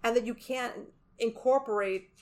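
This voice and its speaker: Animated woman podcast co-host. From Latin American heritage. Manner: animated, emphatic, quick swings in pitch. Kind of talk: casual chat.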